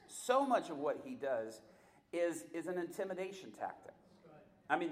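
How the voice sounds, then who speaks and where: A man's voice: on the high side, echoey room. A male preacher telling a story in a sermon, animatedly acting out the voices of the people in it.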